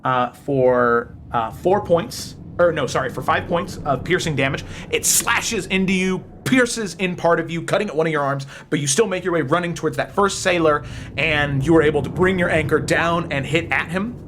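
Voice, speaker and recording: A man narrating a tabletop game as game master, briskly calling rolls and damage. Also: on the high side, noisy background. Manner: brisk narration, rolling dice aloud.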